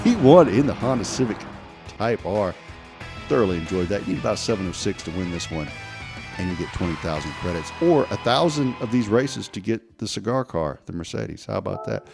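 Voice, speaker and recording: A chatty man narrating his racing game runs in a relaxed, joking way. His voice sits low but swings widely up and down as he talks. Soft music plays underneath. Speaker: gaming video host. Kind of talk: casual gameplay commentary.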